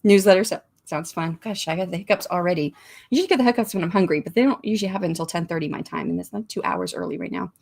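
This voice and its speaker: A woman's voice: lowish voice, big pitch swings, racing, darkish tone, slightly rough. Chatty woman hosting a writing livestream. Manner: rambling, with frequent restarts and small laughs. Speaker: livestream host of writing sprints. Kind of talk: casual livestream chat, reading comments aloud.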